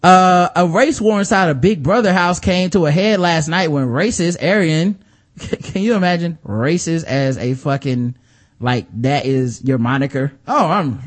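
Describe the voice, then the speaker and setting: A man's voice: fairly high pitch, measured pace. A man co-hosting a podcast in casual, profane, sarcastic chat, telling stories with animation. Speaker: podcast co-host.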